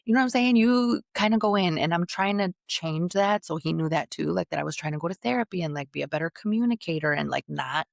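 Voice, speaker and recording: Gravelly, blunt woman telling a story. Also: lowish voice, expressive, fast talker, hardly any pauses, dry recording, clean studio sound. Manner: candid, blunt, slangy storytelling. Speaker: podcast guest. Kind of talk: casual storytelling chat.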